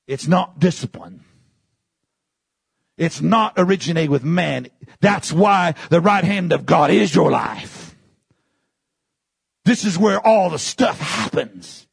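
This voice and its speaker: Male preacher, gravelly husky voice, repeats phrases, swings from shouts to low quiet passages. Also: animated, slow, pauses often, no room sound. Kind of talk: sermon.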